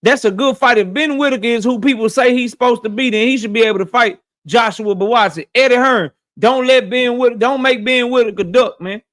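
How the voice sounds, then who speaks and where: A man's voice: extremely high pitch, brisk, few pauses, a bit bright. A young man hosting a boxing talk show, blunt and profane, repeating lines for emphasis. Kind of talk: casual opinionated commentary.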